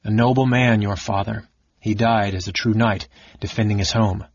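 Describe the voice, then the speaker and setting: A man reading the part of a young soldier, steady and sympathetic toward his cousin. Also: fairly low pitch, normal speed, husky, no room sound. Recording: dull lo-fi recording.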